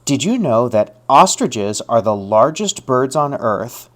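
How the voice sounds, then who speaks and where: A man's voice: mid-range voice, big pitch swings, slow pace, a bit bright. A man reading a scripted voice-over for a travel show, sharing light trivia. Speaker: show narrator.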